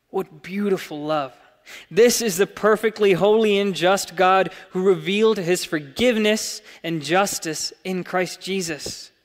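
Young male preacher, earnest sermon voice with loud peaks and hushed drops, fairly high pitch, long church hall reverb. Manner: earnest, rising to emphatic peaks then dropping soft.

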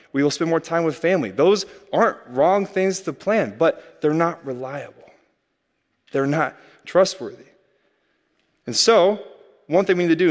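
Conversational preacher in a reverberant hall. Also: male voice, a little high. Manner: conversational, asks rhetorical questions. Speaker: pastor. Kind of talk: sermon.

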